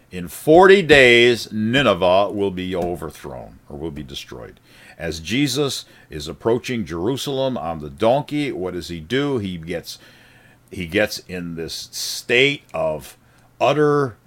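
A man preaching a sermon, reading scripture and explaining it with emphatic rises and quiet drops. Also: fairly low pitch. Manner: animated, rising emphatic then dropping quiet.

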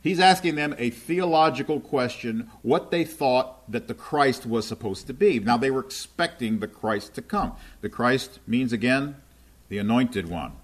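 A man preaches in a conversational, teaching manner, explaining scripture and frequently checking in with "right?" and "okay?". His voice is mid-range and a little slow.

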